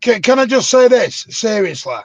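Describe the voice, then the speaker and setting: A man's voice: extremely high pitch, very animated, normal speed, dry recording. A man in a heated fan debate over a video call, exasperated and sarcastic. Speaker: panelist.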